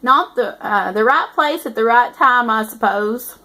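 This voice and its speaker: Brief: cocky young college guy narrating, told in a fairly high woman's reading voice. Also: a little slow, sharp tone. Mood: amused. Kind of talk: reading a novel aloud.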